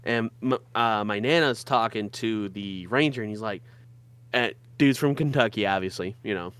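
A man's voice: on the low side, moderate pace, a bit bright, clean tone. A young man with a Michigan accent co-hosting a podcast in casual chat, rambling through stories and laughing often. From Michigan, USA. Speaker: podcast co-host.

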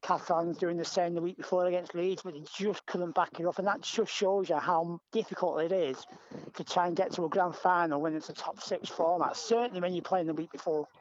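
A man's voice: high-pitched, brisk. A man co-hosting a sports podcast, giving strong opinions in a casual chat. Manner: opinionated, animated about the game. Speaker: podcast co-host. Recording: dull lo-fi remote audio.

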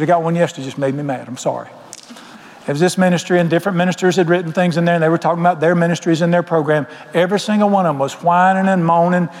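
A man's voice: fairly high pitch, darkish tone. A man preaching a fiery sermon in a folksy, joking manner, often hollering. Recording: long hall reverb.

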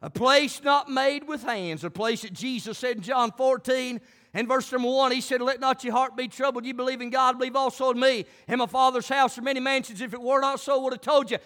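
A man preaching a folksy country sermon, building up to shouted, fervent passages. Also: very high voice, fairly even intonation, brisk. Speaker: pastor.

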